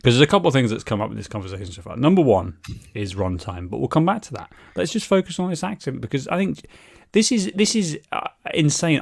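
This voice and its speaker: A man's voice: mid-range voice, a little mellow. A British man co-hosting a podcast, rambling with hesitations and mock outrage in casual chat. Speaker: podcast co-host.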